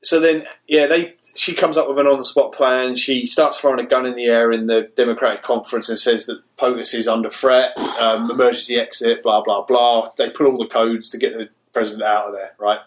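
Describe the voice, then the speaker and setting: A man talks through a film's plot in a loose, meandering podcast chat. His voice sits at an ordinary middle pitch. He swears freely and laughs along as he rambles. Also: little pitch movement, a little fast, few pauses, poor audio. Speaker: podcast co-host. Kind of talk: casual film-review chat.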